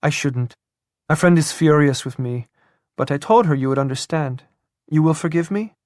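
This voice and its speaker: A man's voice: on the high side, moderate pace, a little mellow, no room sound, clean studio sound, voice pushed up, lightly acted. A man voicing a shy, eager young woman who speaks in a breathless, apologetic way.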